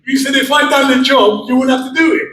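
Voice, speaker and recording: Heard from a distance in an echoey room with faint ambience and slight background noise, a man who is a fighter's father jokes his way through a press conference. His very high-pitched, sharp voice moves quickly as he spins stories and mimics others' quotes.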